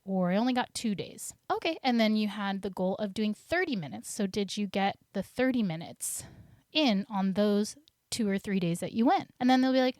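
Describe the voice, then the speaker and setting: A woman's voice: medium pitch, expressive, moderate pace, darkish tone, dry recording. Upbeat woman health coach, dry sound. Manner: upbeat, encouraging, acts out clients' voices. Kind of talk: solo podcast monologue.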